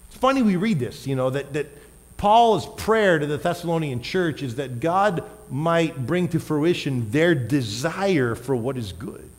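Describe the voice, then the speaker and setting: A man preaching a sermon as a pastor, wearing a microphone, emphatic, with loud stressed words and quiet asides. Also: fairly high pitch, expressive, unhurried. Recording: long hall reverb.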